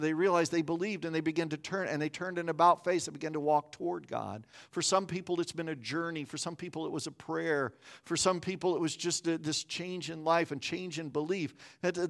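An earnest male pastor delivering a sermon in a slightly high voice. He speaks plainly to his congregation, often repeating a word or two as he works toward his point. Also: creaky, fairly bright tone. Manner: earnest, repeats words as he builds emphasis.

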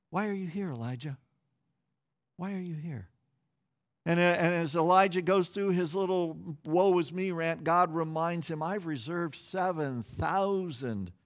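A man with a high-pitched voice preaches a sermon. He tells the story with animated energy, acts out the quoted voices, and often stumbles and repeats words as he goes. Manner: frequent restarts and repeated words. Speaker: pastor.

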